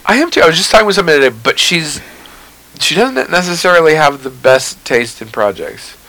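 A man co-hosting a podcast, telling a story in an animated way and laughing often. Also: a little high, fairly quick, rough recording. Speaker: podcast co-host. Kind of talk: casual chat.

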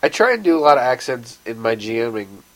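A man's voice: mid-range voice, big pitch swings, a little fast, poor audio. Dry, sarcastic man in casual chat. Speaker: podcast co-host.

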